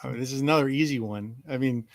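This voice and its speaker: A man's voice: mid-range voice, quick pace. A man appearing as a guest on a sports podcast, telling eager stories in casual chat.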